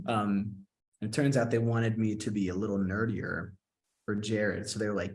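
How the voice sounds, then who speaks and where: Casually telling stories in an interview, a young guest actor and singer speaks in a fairly low voice with quick flashes of excitement. He animatedly re-enacts his past reactions, quoting himself in excited bursts.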